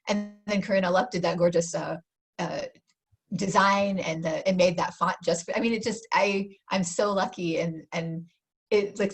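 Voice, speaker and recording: Husky-voiced woman in her forties. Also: fairly low pitch. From United States. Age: 40s. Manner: warm, enthusiastic, talks in quick restarts. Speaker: author guest. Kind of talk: casual interview chat.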